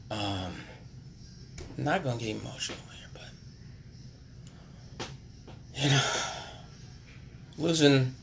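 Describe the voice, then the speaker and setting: A man who sells cars, speaking unscripted on a charity livestream, earnest and repetitive, sometimes dropping to a hush. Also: mid-range voice, a little hiss or hum. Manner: earnest, repetitive, preachy, drops to hushed tones. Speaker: car salesman on a charity livestream. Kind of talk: impromptu motivational appeal.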